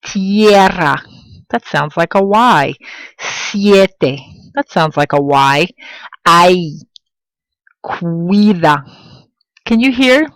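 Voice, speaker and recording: Woman teacher doing a video lesson, says each example word slow and clear, keeps hyping up the class, dry close mic. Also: lowish voice, dry recording, rough recording. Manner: clear, deliberate pronunciation of example words; encouraging, addresses students directly. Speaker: Spanish teacher.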